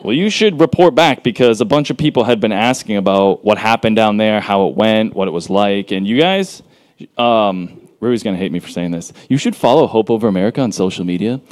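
A man's voice: fairly low pitch, expressive, a little fast. A man in his thirties speaking at a church, leading a prayer and then chatting in a loose, self-deprecating way with many fillers. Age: 30s. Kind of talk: prayer then casual sermon intro.

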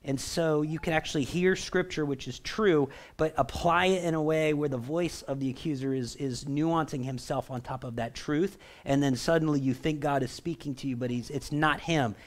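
A man preaching a sermon in a relaxed, conversational way, often checking in with the congregation. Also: on the high side. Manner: animated, conversational, asks the crowd for response. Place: church.

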